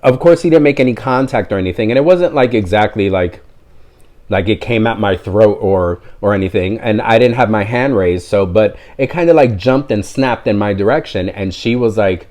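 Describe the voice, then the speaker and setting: A man's voice: fairly low pitch, lively intonation, normal speed, a little mellow. Rambling casual male vlogger. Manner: rambling, self-interrupting, apologizes for tangents. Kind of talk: casual storytelling monologue.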